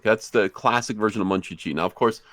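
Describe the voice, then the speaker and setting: Brief: man, low voice, dry close sound, deadpan joking livestream chat. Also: fast, dry recording. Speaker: comic book creator.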